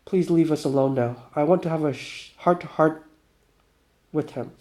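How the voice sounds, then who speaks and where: A man's voice: fairly high pitch, normal speed, a little mellow, lightly acted. A man voicing a tense young man who asks curtly to be left alone, read aloud from a game.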